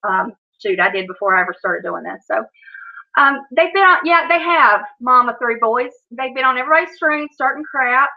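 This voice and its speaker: A woman speaks in a chatty, rambling way to her stream viewers, her voice sitting a little high. She keeps saying "you know", restarts her sentences and laughs between words. The audio is dull and lo-fi. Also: lively intonation, moderate pace. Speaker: YouTube vlogger on a live stream. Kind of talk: casual rambling chat to viewers.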